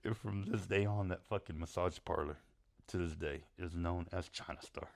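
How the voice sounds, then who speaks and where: Brief: low, gravelly guy, casual and foul-mouthed, spinning a long yarn. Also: fairly even intonation, moderate pace. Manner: rambling, swearing, laughing at his own story. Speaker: storyteller. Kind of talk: profane casual storytelling.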